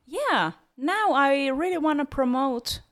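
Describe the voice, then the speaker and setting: Woman, podcast co-host, slow unhurried speech, lively swooping pitch, giggly. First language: Finnish. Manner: giggly, chatty, laughs often. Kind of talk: casual chat.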